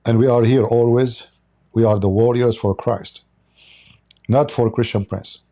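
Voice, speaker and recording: This is polemic livestream commentary from a male host, sarcastic and mocking in non-native English. He keeps a measured pace and fairly even intonation in a dark, mid-range voice.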